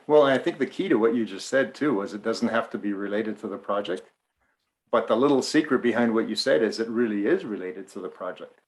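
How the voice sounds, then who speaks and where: A man's voice: fairly low pitch, brisk. A man co-hosting a podcast in casual chat, thoughtfully building on his partner's points. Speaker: podcast co-host.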